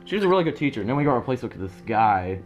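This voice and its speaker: A teenage boy casually telling a long, rambling story, full of fillers, who jumps into loud, high voices when quoting others. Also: sing-song, rapid-fire, soft background music.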